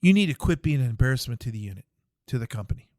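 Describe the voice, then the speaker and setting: A man voicing an impatient army captain who berates a soldier with rapid questions, in a dry recording. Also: medium pitch, sing-song, a little mellow, no echo, close to an everyday voice. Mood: contemptuous.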